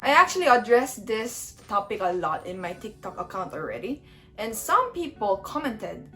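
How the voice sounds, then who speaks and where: A young woman whose first language is Korean speaks with a Filipino English accent. She talks frankly and upbeat to the camera in a vlog and lands blunt one-liners. Her pitch sits in a middle range, and soft music plays faintly behind her. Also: sing-song, normal speed. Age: young adult. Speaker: vlogger. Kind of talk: candid talk to camera.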